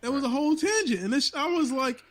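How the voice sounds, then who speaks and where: Talking fast in a very high voice, a New York man co-hosts a laid-back podcast, swearing, laughing, and restarting his sentences often as he tells stories. Faint music can be heard behind him.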